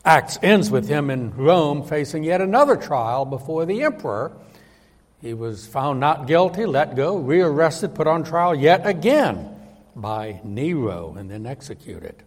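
A man preaching a sermon in a slightly high voice whose pitch rises and falls a lot. He speaks with emphasis and often acts out the voices of the people he quotes. A long hall reverb trails behind each phrase. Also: very animated, measured pace.

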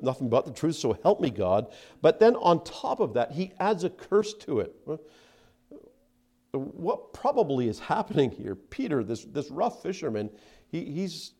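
Slow, emphatic male preacher with lively pitch. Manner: slow, emphatic preaching that rises to loud bursts. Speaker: pastor. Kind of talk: sermon.

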